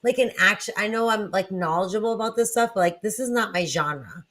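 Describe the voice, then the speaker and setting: A young woman co-hosting a live chat show, gushing excitedly, stammering and swearing as she talks. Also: mid-range voice, brisk. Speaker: co-host. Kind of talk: casual chat.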